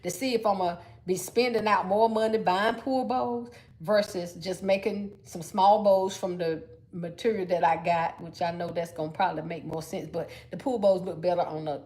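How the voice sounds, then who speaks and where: A woman's voice: mid-range voice, darkish tone. Middle-aged woman, livestream host, folksy and chatty, talks to viewers as y'all. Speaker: livestream host, gift-wrapping crafter. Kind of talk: casual livestream chat.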